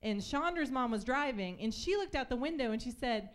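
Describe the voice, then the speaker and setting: A woman's voice: fairly high pitch, animated, a little fast, few pauses. A young woman telling stories in a stand-up comedy set on a club stage, chatty with lots of fillers and acted-out voices.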